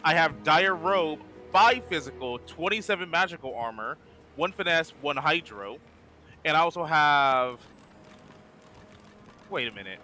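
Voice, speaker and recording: A man chatting casually while playing a game with friends, taking charge of who gets which armor. His voice is bright and a touch high, and he stumbles and restarts as he lists numbers. Game music sits faintly behind him. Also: lively intonation, unhurried, long pauses. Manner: organizing, auctioning items, lists numbers with restarts. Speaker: game streamer, player. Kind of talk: casual gaming chat.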